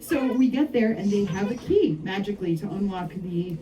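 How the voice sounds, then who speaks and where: Brief: woman author, warm dark tone, chatty anecdotal storyteller, recorded from across the room. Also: mid-range voice, normal speed, recorded from a distance, a little hiss or hum, low-quality recording. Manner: lively anecdotal, frequent laughs and asides. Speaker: novelist discussing her book. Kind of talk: storytelling talk at a book event. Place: bookshop event.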